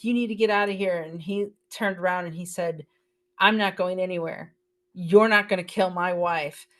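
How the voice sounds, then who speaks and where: A middle-aged woman, a podcast guest, earnestly retelling a personal story and quoting the people in it. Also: lowish voice. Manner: emotional, earnest retelling with quoted dialogue.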